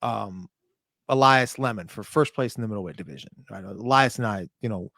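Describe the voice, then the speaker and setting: A man's voice: fairly low pitch, a little fast, creaky, no echo, clean studio sound. A young man from Minnesota, a point fighter guest on a podcast, telling a story in casual chat and acting out the quotes. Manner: animated storyteller, acts out quotes.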